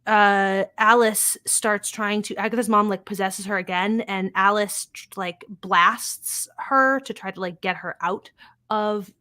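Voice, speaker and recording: A woman's voice: mid-range voice, steady tone, bright, forceful tone, dry recording. Woman just chatting through an episode recap, swears a lot, dry close sound. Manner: chatty, swears casually, acts out characters' lines in quick paraphrase. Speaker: podcast host recapping a TV episode. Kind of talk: casual recap chat.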